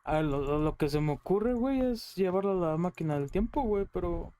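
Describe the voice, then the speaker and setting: A man's voice: high voice, lively intonation, fast talker, dark tone, clear, resonant tone, no echo. A man with a Mexican Spanish accent giving crude, joking commentary while he plays a video game. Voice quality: crude, joking, talks to himself. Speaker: gameplay streamer. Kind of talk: casual gameplay commentary.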